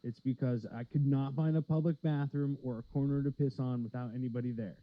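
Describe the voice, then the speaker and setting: A man's voice: mid-range voice, steady tone, fairly quick, no echo. A man co-hosting a comedy podcast in casual, rambling chat with lots of fillers. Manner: laid-back, rambling with many fillers. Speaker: podcast co-host. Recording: slightly dull lo-fi sound.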